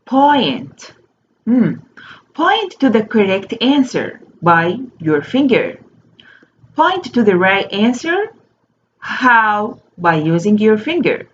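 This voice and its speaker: A woman teaching a slow phonics lesson to young children. She spells each word out letter by letter and repeats it. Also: mid-range voice. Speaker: primary school teacher. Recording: dull lo-fi recording with faint noise.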